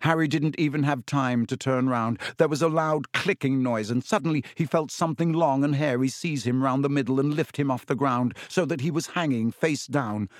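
Reading scripted narration at a moderate pace with hardly any pauses, a man tells a story in an even audiobook style. His pitch is medium, and the studio sound is clean with no room tone.

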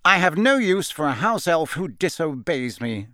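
A man voicing a stern, pitiless older male official who speaks slowly and coldly. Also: a little high, sing-song, sharp tone, dry recording, clean studio sound, voice pushed up. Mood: contemptuous. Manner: slow, cold and clipped.

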